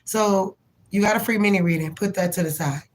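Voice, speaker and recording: A woman's voice: medium pitch, a little fast, poor audio. A woman hosting a live tarot reading stream, chatting casually and affectionately with viewers in slang. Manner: rhythmic chanted prayer.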